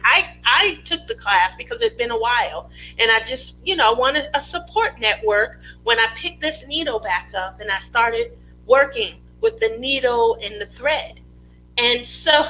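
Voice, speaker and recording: Chatty high-voiced woman streaming. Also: bright, forceful tone, slight background noise, poor audio. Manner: chatty, rambling, laughs often. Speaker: craft livestream host. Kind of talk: casual livestream chat. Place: home craft studio.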